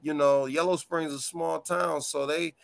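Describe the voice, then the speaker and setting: A man guest on a podcast, telling tour stories in a casual, animated and profane way, laughing often. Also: a little high, moderate pace, vocal fry, no echo. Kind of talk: casual storytelling chat.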